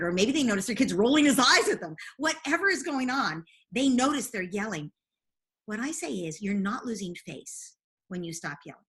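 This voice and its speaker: Higher-voiced woman explaining earnestly. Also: a bit bright. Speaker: parenting expert guest. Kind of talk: interview answers.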